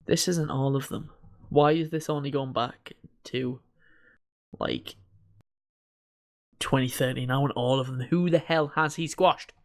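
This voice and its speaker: A man's voice: medium pitch, fairly even intonation, unhurried, pauses often. A young man co-hosting a podcast, chatting casually, joking and swearing as he reads through lists. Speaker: podcast co-host. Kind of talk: casual chat.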